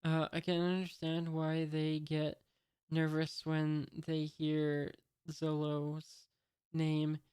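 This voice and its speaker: Casting: jittery young male recruit, read plainly by a man, slow and level. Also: fairly high pitch, clean tone, no room sound. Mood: nervous. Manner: flat read-aloud delivery with fillers. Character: timid young male aspiring sailor, nervous.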